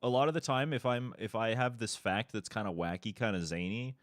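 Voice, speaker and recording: A man's voice: lowish voice, a little fast, dry recording. Laughing, foul-mouthed male game streamer. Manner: laughs often, swears, answers chat. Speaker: speedrunning streamer. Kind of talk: casual live-stream chat while gaming.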